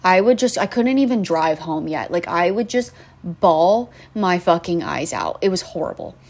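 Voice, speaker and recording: A woman's voice: fairly low pitch, sing-song, normal speed, a little mellow. A young woman talks into her own podcast mic in a loose, rambling monologue about bad customers. She swears constantly, trails off into fillers, and turns sarcastic when she gets worked up. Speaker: podcast host. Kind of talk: casual venting monologue.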